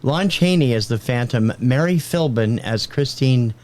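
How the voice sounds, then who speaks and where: A man's voice: mid-range voice, lively intonation, unhurried, a little mellow. Matter-of-fact man co-hosting a podcast. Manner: matter-of-fact, reads cast lists. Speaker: podcast co-host. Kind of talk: casual film review chat.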